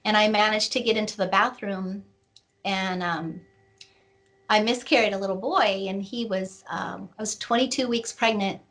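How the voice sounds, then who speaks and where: Woman author in an interview, talks slow with lots of ums, mid pitch. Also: fairly even intonation, a bit bright. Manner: slow, reflective, with many fillers. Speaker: author and guest. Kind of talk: personal storytelling interview.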